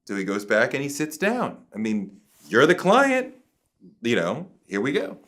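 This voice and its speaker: A male interview guest recounting a story with lots of rise and fall in his voice. He is emphatic, swears casually and slips into other people's voices as he quotes them. His pitch sits in a middle range for a man. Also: huge pitch swings, measured pace, fairly bright tone.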